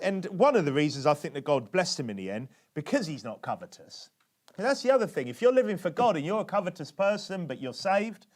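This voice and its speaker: A British preacher delivers his sermon in a relaxed, conversational way. His voice sits slightly above the usual male range, and he keeps drawing the congregation in with quick tag questions. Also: high-pitched.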